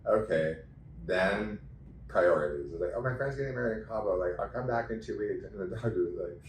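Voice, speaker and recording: A man as an interview guest, talking in an animated, chatty way and laughing as he tells stories. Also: lowish voice, brisk, slight background noise. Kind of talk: casual interview chat. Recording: echoey room, mic at a distance.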